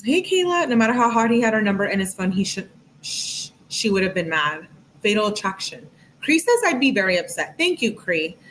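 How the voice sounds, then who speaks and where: A woman's voice: medium pitch, big pitch swings, brisk, fairly bright tone, a little hiss or hum, rough recording. A woman giving casual true crime commentary, reading text messages aloud and breaking off with chatty asides. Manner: chatty, reads texts aloud with frequent asides.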